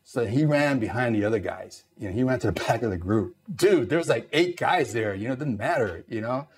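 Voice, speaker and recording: A man's voice: medium pitch, fairly quick, slightly rough. A middle-aged man from East Los Angeles, a Navy veteran, telling stories in a casual way and acting out the voices of the people in them. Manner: animated, acts out quoted voices, many fillers. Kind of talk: casual storytelling.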